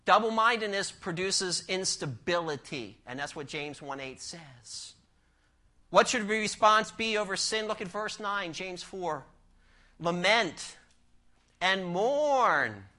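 A man's voice: sits high, lively intonation, slow, pushed and bright. A man preaching a sermon, emphatic, asking the congregation rhetorical questions and telling a story.

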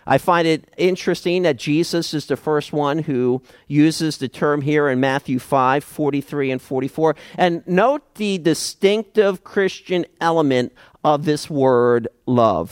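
A man preaching an expository sermon in a deliberate, emphatic way, often reading verses aloud as he explains them. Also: a little high, no room sound, studio quality. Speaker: pastor.

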